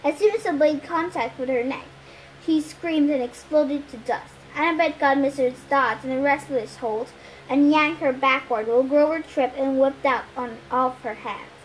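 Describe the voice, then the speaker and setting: A woman reading a novel aloud as an amateur audiobook reader, lively, putting on voices for the quotes. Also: high voice, normal speed, a little hiss or hum, poor audio.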